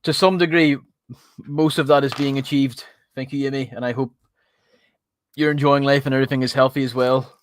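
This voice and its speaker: A man's voice: mid-range voice, little pitch movement, fairly quick, pauses often, no echo. A man co-hosting a livestream, joking and bantering with viewers. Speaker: livestream co-host. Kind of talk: casual livestream chat.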